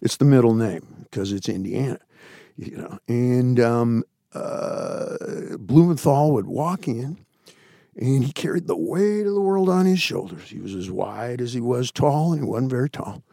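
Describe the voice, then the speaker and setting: A man in his sixties, a candid interview guest telling stories with blunt, profane asides, his voice swinging between loud bursts and hushed, low passages. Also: expressive, a little slow, gravelly, no echo, studio quality. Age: 60s. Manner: blunt, swears freely.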